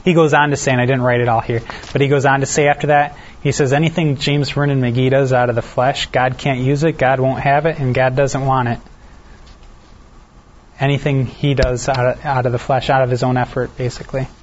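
A man teaching a Bible lesson in an easygoing, conversational way, moving between reading scripture and talking it through with the listeners. He asks them questions and pokes fun at himself. His voice sits at a middle pitch, and the recording sounds dull and lo-fi. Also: a little fast, slight background noise. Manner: reads scripture aloud, then explains it in a relaxed, self-deprecating way.

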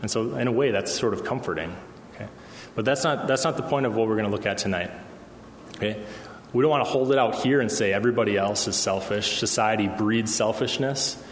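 A pastor with a lowish voice speaks briskly, delivering a conversational sermon in a church hall and often asking the congregation "okay?" The recording is echoey with long reverb and a little hiss or hum.

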